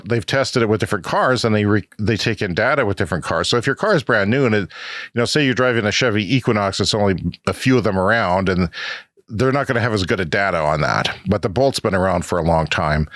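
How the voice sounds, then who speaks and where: An older man, co-hosting a podcast and telling a rambling, animated story with chuckles. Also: lowish voice, fast talker, no room sound, studio quality. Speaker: podcast co-host. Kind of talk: casual chat.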